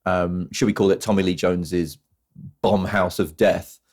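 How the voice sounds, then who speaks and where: A man's voice: deep voice, measured pace, breathy edge. A man co-hosting a podcast, chatting casually about films and acting out scenes as he retells them. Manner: animated storytelling, acts out scenes in mock voices. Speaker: podcast co-host. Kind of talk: casual film-review chat.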